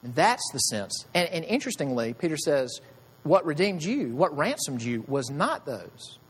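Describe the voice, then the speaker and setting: A man's voice: a little high, sing-song, normal speed, slightly rough. A man preaching a sermon, asking his listeners rhetorical questions in a conversational way. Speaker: pastor. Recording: long hall reverb.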